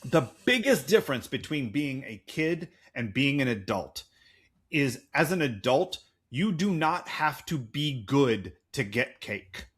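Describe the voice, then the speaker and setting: A man's voice: mid-range voice, very animated, measured pace, breathy edge. A man in his forties co-hosting a podcast in casual chat, rambling and jokey. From United States. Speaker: podcast co-host.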